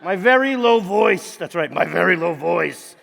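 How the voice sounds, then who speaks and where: A man in his forties voicing a young male frog student in a live staged reading, squeaky and dramatic. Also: expressive, a little slow, vocal fry, a bit bright, slight background noise, heavily acted. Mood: tearful. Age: 40s. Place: theater stage. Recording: long theater reverb.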